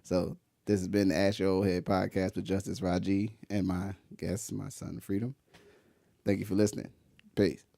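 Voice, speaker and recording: A middle-aged man hosts a casual podcast and talks with his son in a gentle, teasing, encouraging way. His voice is very low and gravelly, with a mellow, dark tone. The recording is dry and close. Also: little pitch movement, moderate pace, no echo. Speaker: podcast host. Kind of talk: casual father-son chat.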